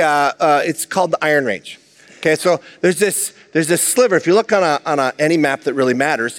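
Male pastor, high voice, lively conversational sermon, big hall reverb. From Minnesota, USA. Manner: animated, conversational preaching with asides.

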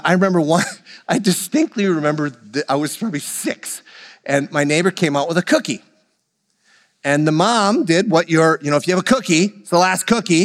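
A man's voice: sits high, fairly bright tone, in a large hall. A man preaching a sermon, leading the congregation in call-and-response and joking with them. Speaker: pastor.

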